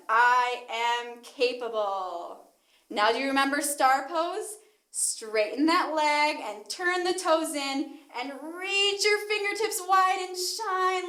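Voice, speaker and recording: A children's yoga teacher guides toddlers through their poses, her high, bright voice moving slowly in a happy sing-song. The sound bounces around an echoey room.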